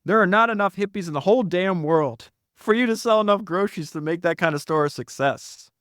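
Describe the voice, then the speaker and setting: A man's voice: high voice, fairly quick, fairly bright tone, no echo, clean studio sound, voice pushed up. A man voicing a blunt, folksy older Texan businessman who swears casually.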